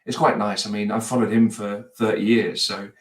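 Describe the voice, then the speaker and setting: A man's voice: on the low side, level tone, normal speed. A man chatting casually as a podcast guest, rambling and hesitant, with many restarts. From United Kingdom. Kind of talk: casual chat. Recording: roomy, distant mic.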